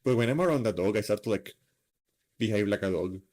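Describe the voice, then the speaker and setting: A man's voice: fairly low pitch, brisk, darkish tone. Rambling man streamer chatting alone. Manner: rambling, filler-heavy, self-mocking. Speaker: streamer host. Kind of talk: casual stream chat.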